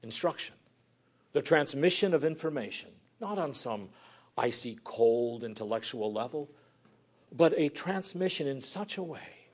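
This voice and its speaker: A pastor delivering a sermon in a somewhat high-pitched voice. His preaching is earnest and dynamic. He often drops to a soft, breathy near-whisper to drive a point home. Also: animated, unhurried.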